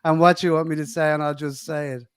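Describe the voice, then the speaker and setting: A man, a guest chatting casually on a live stream over a video call, talkative and quick to laugh, often repeating himself. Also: on the high side, flat delivery, very noisy.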